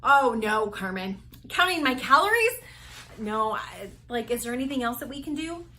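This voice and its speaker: A woman's voice: on the high side, very animated, moderate pace, pushed and bright. A woman mimicking a reluctant female diet client who whines and raises objections. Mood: whiny. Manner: whiny, full of excuses and objections.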